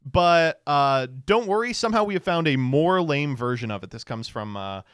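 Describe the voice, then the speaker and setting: A man's voice: fairly high pitch, lively intonation, normal speed, a bit bright, smooth, dry recording, clean studio sound. A man streaming casual political commentary, sarcastic and profane, often stammering and restarting his sentences.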